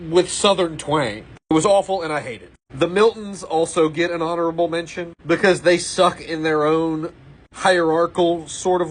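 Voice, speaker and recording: A man's voice: fairly high pitch, husky. A man giving blunt, opinionated casual commentary about a TV series, ranting with exasperation.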